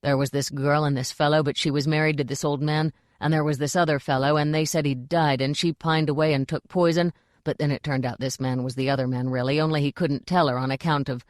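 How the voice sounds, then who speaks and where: A woman doing a gruff dwarf warrior. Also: low-pitched, fairly even intonation, brisk, no echo, clean studio sound, close to an everyday voice. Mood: eager.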